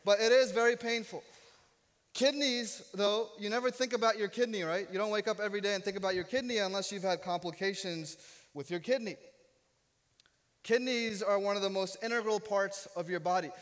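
Brief: man in his 30s, pastor, joking sermon storyteller, fairly high voice, long church-hall echo. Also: fairly quick. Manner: humorous, self-deprecating storyteller. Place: church sanctuary.

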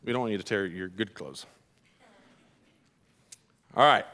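A man preaching a sermon as a pastor, telling the story in an animated, joking way and talking directly to the congregation. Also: fairly low pitch, unhurried.

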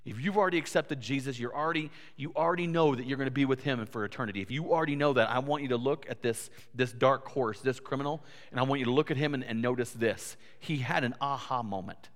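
A man's voice: mid-range voice, quick pace, hardly any pauses, a bit bright. A man preaching a sermon as pastor, earnest, building to emphatic peaks and often repeating words. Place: church sanctuary. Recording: long church hall reverb.

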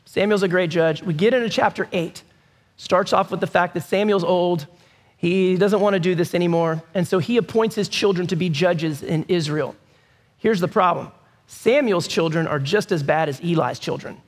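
High-voiced pastor in an echoing church. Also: male voice, moderate pace. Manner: casual storytelling with asides to the congregation. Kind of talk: sermon. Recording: long hall reverb.

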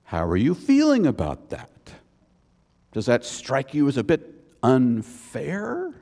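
A man's voice: mid-range voice, wildly swooping pitch, takes it slowly, dark tone. A man preaching a sermon as a pastor, conversational, with chatty asides between points. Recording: long reverb of a church hall.

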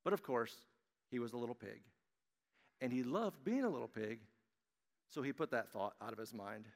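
A man giving a children's message in church, reading a storybook aloud to children in a friendly, animated way. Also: medium pitch, normal speed, gravelly. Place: church sanctuary. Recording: long church-hall reverb.

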